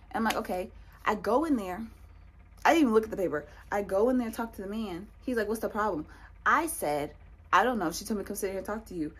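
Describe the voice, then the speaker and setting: A woman's voice: medium pitch, breathy edge. A young woman telling a personal story in a vlog, acting out the voices of the people in it. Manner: animated, acts out other people's lines. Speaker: vlogger.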